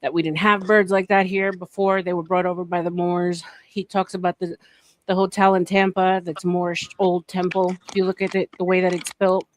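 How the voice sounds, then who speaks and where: A woman's voice: fairly low pitch, flat delivery, fairly quick, no echo. A woman hosts a casual livestream. She rambles and stacks fillers as she goes. Her voice sits close and dry on the mic. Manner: rambling, filler-heavy, laughs often. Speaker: livestream podcast host.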